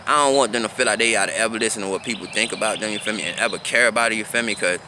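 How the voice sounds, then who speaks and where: A man's voice: on the low side, very fast, background noise. A man in his thirties from South Florida, telling a casual story about his teenage years in a loose, conversational way and often asking "you feel me?". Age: 30s. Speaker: vlogger.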